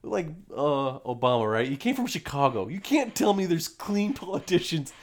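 A man's voice: on the high side, sing-song, normal speed. A young adult man co-hosting a podcast, chatting casually and rambling with frequent restarts and laughs. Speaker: podcast co-host. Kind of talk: casual chat.

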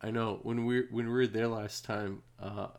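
A man's voice: lowish voice, level tone, moderate pace. A man co-hosting a casual podcast, teasing his friend and laughing often.

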